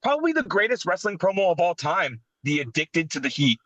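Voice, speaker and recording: A man in his thirties co-hosting a casual wrestling podcast, telling animated, sentimental stories. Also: high-pitched, brisk, no room sound, poor audio. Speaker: podcast co-host.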